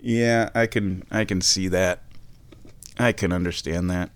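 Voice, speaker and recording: A low, steady male voice, a little slow, belongs to a vlogger watching sport. He talks casually to his audience, wandering between subjects, thinking aloud and searching for the right words.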